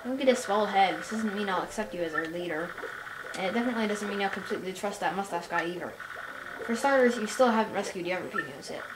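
A woman's voice: mid-range voice, quick pace, heavy background noise, close to an everyday voice. A woman playing a stubborn sneering rival. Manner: sneering, defiant. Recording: roomy with game music behind.

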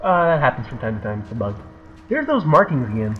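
Excitable cursing gamer man. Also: medium pitch, fast talker, lo-fi sound, slight background noise. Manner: excitable, swearing, yelping exclamations. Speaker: let's play host. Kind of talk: co-op gameplay commentary.

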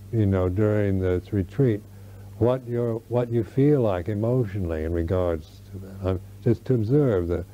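An older American man, a Buddhist monk, giving a slow Dharma talk at a retreat, searching for words with many restarts. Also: on the low side, mellow. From United States. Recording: dull lo-fi 1991 recording.

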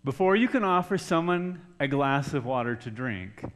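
A middle-aged pastor telling a personal story in a sermon, swinging from hushed, soft passages to loud shouting. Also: male voice, mid-range voice, lively intonation, moderate pace.

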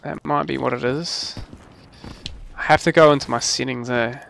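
A young man casually commentating his own game livestream, excitable, laughing and swearing as he plays. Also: mid-range voice, moderate pace, vocal fry, slight background noise. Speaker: gaming livestreamer.

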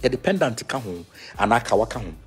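A man with a Ghanaian accent, the leader of a spiritual movement, chatting casually with viewers. He teases them in a lively way and switches between Twi and English. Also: medium pitch, fast talker, husky, soft background music. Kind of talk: casual talk reacting to viewers.

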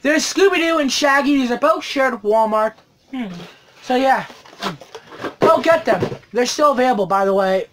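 A man's voice: very high-pitched, expressive, moderate pace, fairly bright tone, a little hiss or hum. A teenage boy unboxing a collectible toy on his vlog, swearing constantly and ranting angrily between mumbled hums. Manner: profane angry ranting.

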